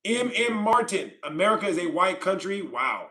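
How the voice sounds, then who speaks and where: A man's voice: high voice, very animated, normal speed, pushed and bright. A man from California hosting a livestream, chatting casually and reading viewer comments aloud, rambling and repeating himself with frequent laughs. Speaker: livestream host.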